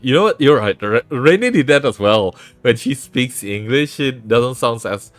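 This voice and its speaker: A man's voice: mid-range voice, lively intonation, moderate pace, no room sound, faint music behind. A young man with a South Jakarta accent chatting casually on a stream, rambling and self-mocking. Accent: South Jakarta (Jaksel) Indonesian. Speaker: vtuber streamer. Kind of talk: casual chat with chat, switching languages.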